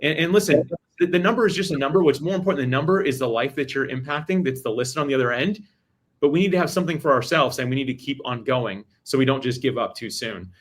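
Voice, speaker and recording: Fast-talking man giving advice. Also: mid-range voice. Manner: rapid, emphatic, many restarts. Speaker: podcast guest. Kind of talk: energetic advice talk.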